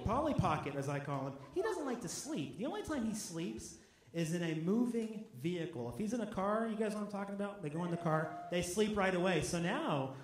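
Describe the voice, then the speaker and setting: Stand-up comic, male, slightly high voice, punchy self-mocking delivery, echoey club room with audience noise around him. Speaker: stand-up comedian. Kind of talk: stand-up set. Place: comedy club stage with live audience.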